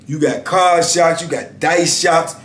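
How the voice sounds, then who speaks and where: A man's voice: a little high, fairly even intonation, a little slow, a bit bright, faint music behind. A middle-aged man telling stories casually, with a laid-back way of talking that is full of "man" and "you know what I'm saying". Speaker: storyteller, former prisoner. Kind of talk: casual storytelling. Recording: roomy echo.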